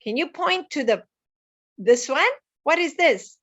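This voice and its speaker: A woman's voice: high voice, expressive, measured pace, fairly bright tone. A woman teaching a lesson to young children, sing-song and coaxing, asking them questions as she goes.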